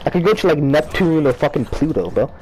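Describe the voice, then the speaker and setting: A young gamer chats casually and profanely while playing, rambling about superpowers between frustrated outbursts as casual gameplay commentary. His voice is fairly high, sing-song and brisk, with a darkish tone and poor audio.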